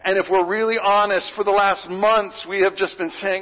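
A male pastor preaching a sermon with earnest feeling, swinging from loud pleading to hushed whispers. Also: high voice, fairly even intonation, normal speed, hardly any pauses, long reverb tail, muffled recording.

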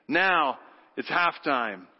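A man preaching a sermon, animated, leading the congregation in call-and-response. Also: fairly high pitch, extremely slow. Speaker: pastor. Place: church sanctuary. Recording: dull sound with long hall reverb.

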